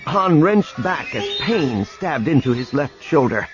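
A man narrating an audiobook in a dramatic, expressive reading. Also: medium pitch, unhurried. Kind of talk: scripted narration. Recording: dull lo-fi recording with music.

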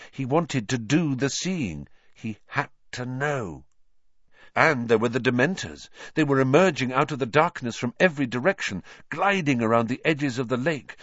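In a dry, close-miked recording that sounds slightly dull and lo-fi, a male narrator reads from a fantasy novel. His mid-range voice stays animated and lively, punctuated by dramatic pauses.

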